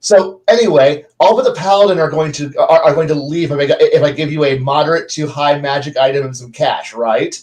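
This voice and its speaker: A man co-hosting a gaming podcast in casual, rambling, animated chat with many restarts. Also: a little high, fairly quick, hardly any pauses, low-quality recording. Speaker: podcast co-host.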